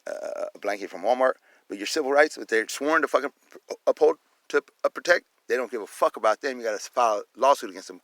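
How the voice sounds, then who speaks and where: A man's voice: fairly low pitch, sharp tone, no echo. A man ranting angrily and swearing constantly, repeating filler phrases as he vents. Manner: swears constantly, heated, repeats "you know what I'm saying". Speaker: vlogger filming a police and security encounter. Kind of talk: profane angry rant.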